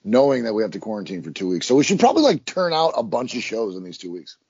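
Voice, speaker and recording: A man co-hosts a podcast in a rambling, profane way, often stopping to restart his sentences. His voice is husky. The audio is dry, dull and lo-fi. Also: lowish voice, big pitch swings, fast, a little mellow, no echo. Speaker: podcast co-host. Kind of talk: casual chat.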